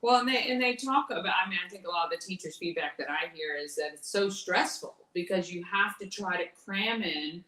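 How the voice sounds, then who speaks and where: A woman's voice: fairly low pitch, brisk, hardly any pauses, pushed and bright, a little hiss or hum. Conversational woman moderator, echoey. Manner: conversational, hesitant, with ums. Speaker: forum moderator. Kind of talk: moderating interview questions. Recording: echoey room, voice from far off.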